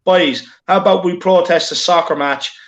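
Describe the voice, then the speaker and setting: A man's voice: high-pitched, moderate pace, fairly bright tone, echoey room. A man hosting a casual livestream chat, upbeat and chatty, dropping slang. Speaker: host reading viewer messages.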